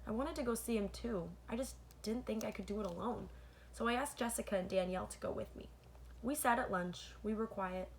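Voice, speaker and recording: A woman reading a children's novel aloud as the host of her own read-aloud channel. She corrects her own slips mid-sentence and pauses to add asides to her listeners. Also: medium pitch, a little hiss or hum. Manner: stops to comment to listeners between passages.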